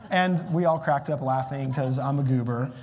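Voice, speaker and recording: A man preaching a sermon, conversational and self-deprecating, with animated asides. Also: medium pitch, normal speed. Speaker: pastor. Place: church sanctuary. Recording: long hall reverb.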